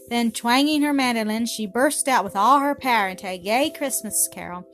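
Woman reading a story over music. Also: a little high. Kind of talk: scripted narration. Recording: music playing behind the voice.

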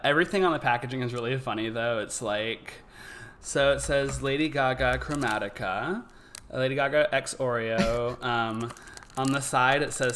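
A young man co-hosts a relaxed comedy podcast, cracking jokes and laughing as he rambles. His voice sits at an ordinary middle pitch. A faint hum of ambient noise runs underneath. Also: moderate pace. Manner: jokey, laughs often, rambling asides. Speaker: podcast co-host. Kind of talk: casual comedic chat.

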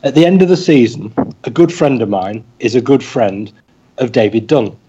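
A man's voice: mid-range voice, expressive, moderate pace, warm tone, muffled recording, slight background noise. A man, a podcast co-host telling wry, self-deprecating anecdotes in a casual way. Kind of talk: casual storytelling.

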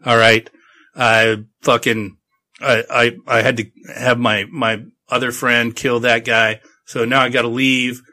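A man's voice: mid-range voice, level tone, measured pace, sharp tone, voice pushed down. A man voicing a reckless, impulsive man who is lecherous and scheming, in a casual offhand way while retelling a story. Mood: flustered.

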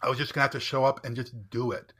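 A man's voice: mid-range voice, steady tone, fast talker, bright, forceful tone. A middle-aged man, a podcast guest, telling a personal story in an earnest, emphatic way and often checking in with "right?". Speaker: podcast guest, entrepreneur and speaker.

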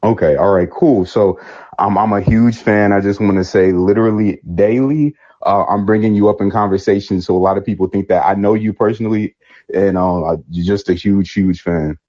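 A young man calling in to a live chat room, earnestly explaining his views with many pauses and restarts. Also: fairly low pitch, dark tone, dry recording. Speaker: caller. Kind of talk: opinion call-in. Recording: dry lo-fi online audio.

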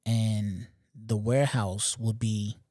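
A man's voice: fairly low pitch, steady tone, slow pace, warm tone, no room sound, studio quality. A man from Long Island hosts a podcast, telling stories in a loose, profane, slangy way and often saying "you know what I'm saying". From Long Island, New York. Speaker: podcast host. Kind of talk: casual storytelling monologue.

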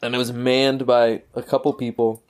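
A young man tells a story in a casual conversation. He talks with energy and acts out the voices of the people he describes. His voice sits in an ordinary middle pitch. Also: flat delivery, moderate pace, clear, resonant tone. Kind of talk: casual chat.

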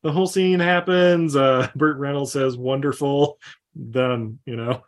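A man recapping a movie in casual chat, laughing often and quoting scenes in quick voices. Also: mid-range voice, steady tone.

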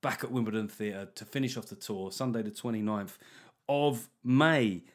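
A man with an English accent hosting a comedy podcast, sweary and mocking, tossing in quick jokey asides. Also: fairly low pitch. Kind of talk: casual comic podcast chat.

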